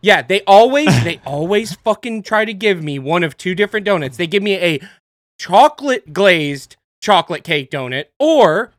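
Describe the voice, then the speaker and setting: Worked-up guy cursing thru a podcast rant, kinda high voice, dead dry sound. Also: big pitch swings, normal speed, no echo. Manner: heated, swearing, ranting. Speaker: podcast co-host. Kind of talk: casual podcast banter.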